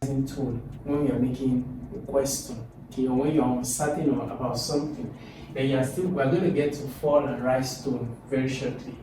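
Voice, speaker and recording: A man teaching a recorded lesson, lively and demonstrative, often pushing his pitch up on example phrases. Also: normal speed, music in the background. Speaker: English teacher. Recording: echoey room from a distance.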